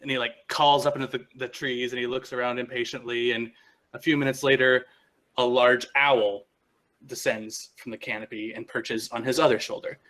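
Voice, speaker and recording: Game master, man, mid-pitch, bright tone, loose casual narration. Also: flat delivery, moderate pace. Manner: loose, filler-heavy narration with restarts.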